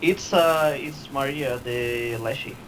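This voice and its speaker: A man's voice: medium pitch, slow, fairly bright tone, rough recording. A man at a tabletop game speaks hesitantly, full of likes and restarts as he asks what he can do. Faint noise sits under his voice. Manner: hesitant, asks many questions. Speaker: player. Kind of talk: casual tabletop play.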